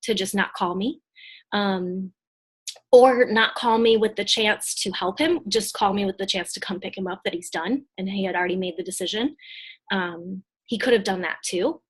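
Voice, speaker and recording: Husky-voiced woman coach telling a story. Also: mid-range voice, moderate pace. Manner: casual and chatty, many fillers and restarts. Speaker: business coach and mentor. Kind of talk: live motivational storytelling talk. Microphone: video call.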